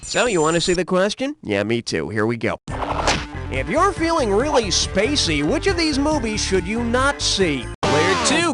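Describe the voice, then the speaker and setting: Punny wisecracking game show host. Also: male voice, very animated, measured pace. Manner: wisecracking, punny, jumps between loud and low. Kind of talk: scripted game show hosting. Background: game music.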